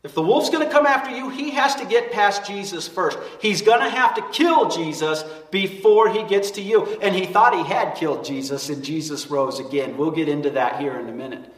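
Male pastor, emphatic sermon, high and expressive, echoing church hall. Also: moderate pace, hardly any pauses. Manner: emphatic, animated preaching. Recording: echoey church hall from far off.

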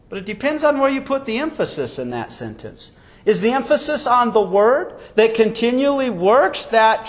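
A pastor delivering a sermon and closing prayer, preaching emphatically with sweeping rises and falls. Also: male voice, high-pitched.

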